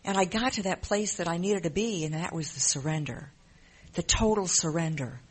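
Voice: mid-range voice, moderate pace, breathy edge. A speaker giving an earnest, emotional personal testimony in a recovery program, often repeating phrases. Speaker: member sharing in a recovery program.

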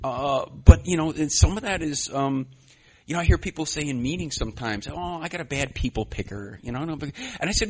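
A man with a husky, slightly breathy voice talks through his own story at a recovery meeting. He rambles and is self-deprecating, leaning on lots of fillers, then jumps up in volume when a point lands. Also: a little high, fairly quick. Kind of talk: personal share, conversational storytelling.

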